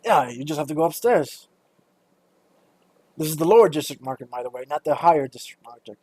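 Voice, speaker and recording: A young man running a tabletop game, talking in a loose, rambling way with plenty of stops and restarts. His voice sits a little high, and the sound is close and dry. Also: animated, a little fast, dark tone, no echo. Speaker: game master.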